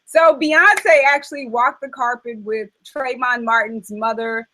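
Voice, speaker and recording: A woman hosting a casual chat, talking in a chatty, animated way with frequent fillers. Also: fairly high pitch, unhurried, low-quality recording. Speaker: host.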